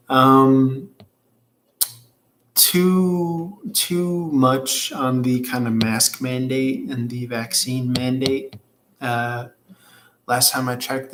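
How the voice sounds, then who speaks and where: A man's voice: medium pitch, fairly bright tone, a little hiss or hum. Man, tarot reader, casual livestream chat, rambling, swears, faint background ambience. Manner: rambling, profane, reads out chat comments. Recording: roomy echo with faint ambience.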